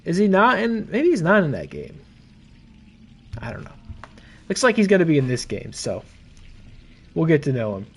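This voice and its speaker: A man streaming a game and chatting casually, cracking jokes as he goes. He reads in-game notes aloud, his slightly high voice swinging widely up and down. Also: huge pitch swings, normal speed, pauses often, slightly rough. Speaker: gaming streamer. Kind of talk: casual let's-play commentary.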